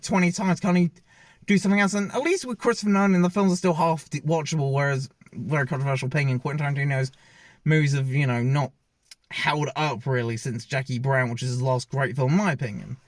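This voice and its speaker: Male reviewer, higher voice, dry room, rambling and self-correcting. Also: fast, dry recording. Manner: rambling, opinionated, often correcting himself mid-sentence. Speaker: film reviewer. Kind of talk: casual opinionated movie review. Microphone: self-filmed camera.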